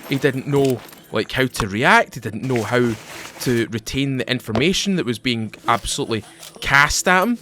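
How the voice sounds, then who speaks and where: A young man, a gaming YouTuber, tells a long, wandering story while playing a survival game, often cutting himself off to comment. His medium-pitched voice moves at a moderate pace over background noise, and his manner is chatty, digressive and animated.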